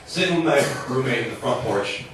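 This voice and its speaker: A man's voice: mid-range voice, lively intonation, normal speed, a bit bright, a little hiss or hum. Chatty male stand-up comic in an echoey bar. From southern Minnesota. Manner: conversational, chatty with many likes and rights. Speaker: stand-up comedian. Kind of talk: stand-up comedy set. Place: bar stage. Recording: echoey bar recorded from a distance.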